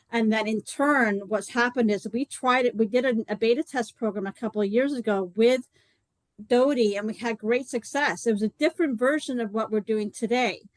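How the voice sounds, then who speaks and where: A woman talks in a chatty, rambling way and fills her story with "like" and "you know." Her voice sits a little high and sounds dry and close, with almost no room around it. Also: dry recording, rough recording. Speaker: co-host presenting a detox program. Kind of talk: live online talk, personal story.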